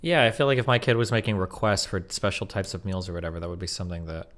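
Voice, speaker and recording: A man's voice: low-pitched, animated, fast talker, a bit bright. A man in his thirties, a streamer debating in a casual, blunt, profane way and reading out bill text.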